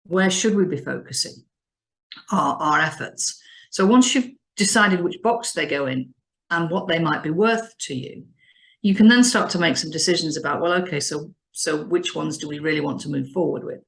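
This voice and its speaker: A woman business advisor explaining customer strategy in an animated, emphatic way, often restarting her phrases. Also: low-pitched, normal speed, vocal fry. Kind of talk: business advice discussion.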